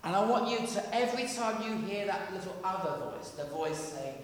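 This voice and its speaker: Earnest preacher in an echoey church. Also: male voice, a little high, moderate pace, a little hiss or hum. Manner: earnest, emphatic, softens to near-whisper for quoted voices. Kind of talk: sermon. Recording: echoey church, heard from a distance.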